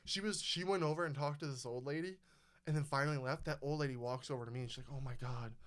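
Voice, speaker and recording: A young man hosting a podcast, telling a story in casual chat, animated and profane, acting out the people he quotes. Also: on the high side, fast. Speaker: podcast host.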